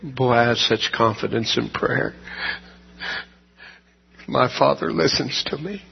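A man, the pastor, closing a church service with a folksy, earnest sermon and prayer, slowing down to stress his points. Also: medium pitch, creaky, husky, in a large hall, highs cut off. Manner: earnest, folksy, slows down for emphasis.

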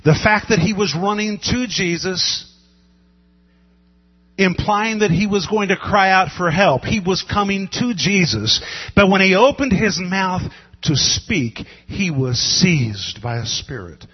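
A man preaching a sermon, building to loud emphatic cries and drawing out words for weight. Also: high-pitched, lively intonation, unhurried, slightly rough. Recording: lo-fi echoing hall with mains hum.

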